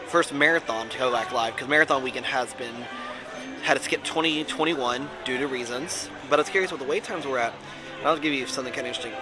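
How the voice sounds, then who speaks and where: A man's voice: mid-range voice, poor audio. A man casually vlogging outdoors at a theme park, chatty and rambling.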